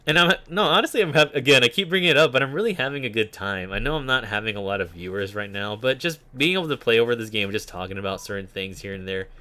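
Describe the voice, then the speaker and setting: A man's voice: medium pitch, quick pace, few pauses, pushed and bright. A man streaming a game, rambling casually with many fillers and reading game text aloud. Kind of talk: casual gameplay commentary.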